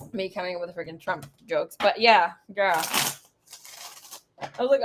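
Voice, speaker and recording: A woman's voice: mid-range voice, normal speed, a bit bright. A woman in her thirties, a psychic tarot reader, chatting casually and telling a story with laughs, swearing and acted-out quotes.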